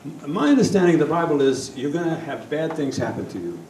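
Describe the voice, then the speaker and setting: A man's voice: on the high side, quick pace. Older man lecturing in an echoey room. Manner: lively, rambling, with many restarts. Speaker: radio host giving a talk. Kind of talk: public talk to a live audience. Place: meeting room with audience. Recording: echoey room from far off, faint noise.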